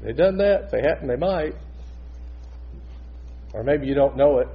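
A male pastor delivering a sermon, shifting between loud emphatic preaching and quiet, intimate asides. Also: medium pitch, lively intonation, a little slow, dull audio.

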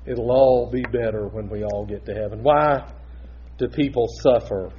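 A male pastor delivering a sermon, shifting between loud emphatic preaching and quiet, intimate asides. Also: medium pitch, moderate pace, highs cut off.

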